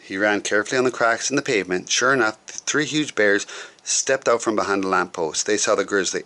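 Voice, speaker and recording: A man reading a children's picture book aloud, relaxed and adding chatty asides. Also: on the low side, fast talker.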